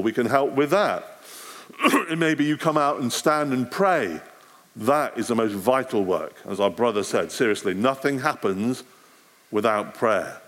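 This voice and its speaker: A middle-aged man, a street evangelist, giving an animated talk to a church audience. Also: medium pitch. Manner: animated, acts out street conversations.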